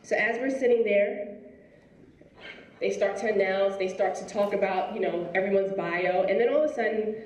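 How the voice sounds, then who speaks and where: A woman's voice: medium pitch, normal speed, distant mic. Storytelling woman speaker in an echoey hall. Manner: lively storytelling, acts out quoted people. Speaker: school principal giving a speech. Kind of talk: motivational speech. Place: school auditorium.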